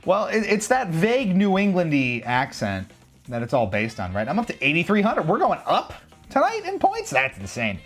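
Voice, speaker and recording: A streamer with a fairly high, husky voice plays a racing game on a livestream, rambling casually and talking straight to his chat.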